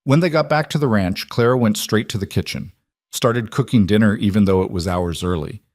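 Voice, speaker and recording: A man narrating a western story in a measured, deliberate scripted reading. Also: on the low side, a little mellow, no room sound, studio quality.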